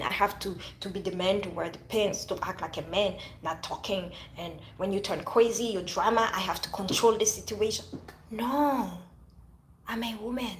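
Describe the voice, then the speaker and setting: Her mid-range voice sounds roomy over a slight background hiss as she, a vlogger from Haiti, recounts an old relationship to camera. She preaches emphatically and keeps circling back to the same points.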